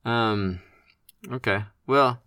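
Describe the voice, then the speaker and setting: A man in a casual podcast discussion, relaxed and easygoing, given to jokes. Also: mid-range voice, very slow, dry recording, clean studio sound.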